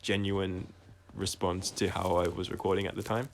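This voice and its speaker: A man talking through his own songs on a casual livestream, reflective and halting, often restarting his sentences and trailing off quietly. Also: deep voice, level tone, slight background noise. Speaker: singer-songwriter explaining his songs.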